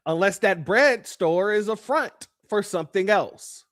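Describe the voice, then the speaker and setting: A man's voice: high voice, animated, measured pace, fairly bright tone. A man hosting a livestream commentary, talking emphatically to his chat, calling them family and repeating phrases for effect. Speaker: livestream host.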